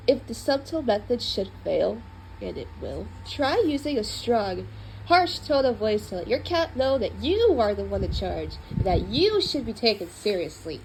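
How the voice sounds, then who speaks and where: A woman reading a children's book aloud in an expressive, playful way. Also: medium pitch, moderate pace, slight background noise, poor audio. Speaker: storybook reader.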